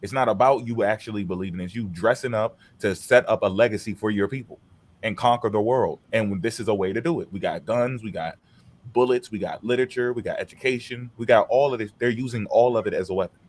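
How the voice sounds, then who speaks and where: A man's voice: on the low side, quick pace, darkish tone. A man hosting a casual streamed chat, talking in a blunt, profane and heated way.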